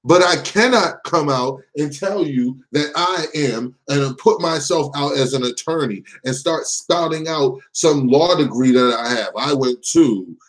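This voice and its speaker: A man's voice: fairly high pitch, measured pace, hardly any pauses, a bit bright, poor audio. A man hosting a live call-in show, ranting heatedly and cursing often. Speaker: show host.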